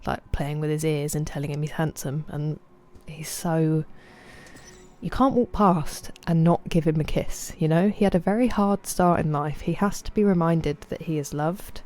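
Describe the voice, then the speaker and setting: Mellow-voiced woman streamer chatting casually. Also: low voice, normal speed. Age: 30s. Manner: chatty and rambling, talks to her dog. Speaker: game streamer. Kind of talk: casual live-stream chat.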